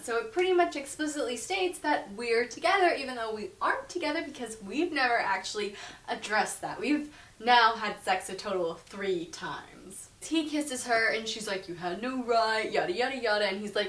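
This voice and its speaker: A young woman recapping a book's plot in casual chat, swearing freely and tossing off quick impressions of the characters. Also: a little high, fairly bright tone. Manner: profane, breezy, slips into quick impressions of characters. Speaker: book reviewer. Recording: echoey room, mic at a distance.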